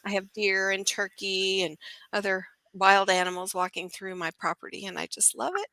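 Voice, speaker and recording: A woman in her sixties, a speech pathologist, telling stories as a guest in an interview in an upbeat, warm way. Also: medium pitch, steady tone, moderate pace, no room sound, rough recording. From United States. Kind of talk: podcast interview.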